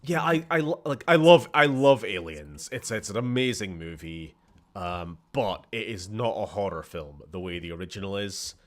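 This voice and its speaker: Low, lively Scottish gaming host. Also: male voice, normal speed. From Scotland. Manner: rambling, chatty, laughs often, talks to characters. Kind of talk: casual let's-play commentary.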